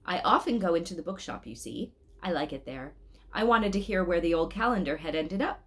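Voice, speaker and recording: A woman voicing a kind old man who sells flowers in a storybook, speaking slowly and gently. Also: fairly low pitch, lively intonation, lightly acted. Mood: gentle. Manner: slow, warm, drawn-out speech.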